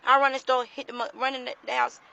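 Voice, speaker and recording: A woman telling a story to her phone camera in a casual, animated, profane way. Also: sits high, quick pace, gravelly, dull audio, noisy background. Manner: animated, profane, dramatic retelling.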